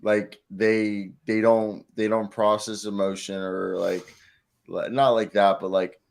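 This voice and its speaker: Young male co-host, lowish voice, loose rambling talk, lots of "like". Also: slow pace, vocal fry, clean tone. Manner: rambling, filler-heavy, animated storytelling. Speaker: co-host of a basketball show. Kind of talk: casual sports talk.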